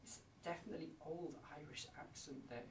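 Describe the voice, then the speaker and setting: A man's voice: fairly high pitch, fairly quick. A man working as a medium, describing his impressions on location with hesitant, searching speech full of fillers. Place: indoors at an old inn. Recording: echoey room, distant mic, faint noise.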